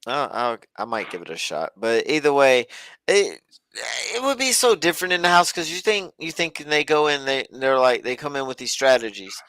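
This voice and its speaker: A man with a smooth, resonant voice rambles along in a casual, folksy podcast chat. He sounds close and dry, with no room around him. His pitch sits in a middling range. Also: animated, moderate pace, bright, forceful tone, no echo. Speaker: podcast co-host. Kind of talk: casual chat about a reality show.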